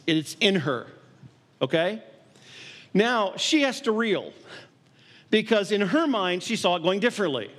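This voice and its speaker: A man's voice: high voice, fairly bright tone. A man preaching a sermon in a conversational way, acting out little scenes and laughing along the way. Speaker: pastor.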